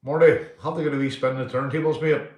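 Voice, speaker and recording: A middle-aged man with a Northern Irish accent, telling rambling true stories and giving shout-outs on a live stream. He swears freely, laughs through his tales and keeps tagging lines with "mate". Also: medium pitch, fairly even intonation, fast. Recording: roomy echo.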